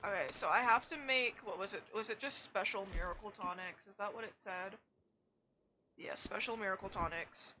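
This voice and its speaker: Bright-voiced chatty woman streamer. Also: medium pitch, moderate pace, a little hiss or hum. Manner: chatty, self-mocking, swears freely. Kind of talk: casual gameplay chat.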